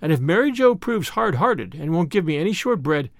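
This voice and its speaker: A man's voice: fairly high pitch, very animated, brisk, no room sound, studio quality. A man reading a cheerful young teacher. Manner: warm, gently reassuring.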